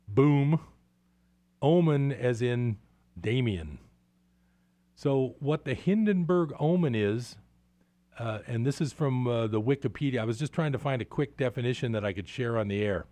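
A man's voice: mid-range voice, normal speed, warm tone, dry recording. Sarcastic man ranting. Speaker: radio show host. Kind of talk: opinionated market commentary.

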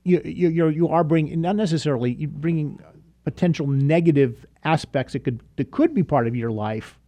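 A man's voice: on the high side, mellow, dry recording. A man hosting a talk show, chatting casually and restarting his sentences often. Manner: halting, restarts often, affirming. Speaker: radio talk show host. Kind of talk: casual interview chat.

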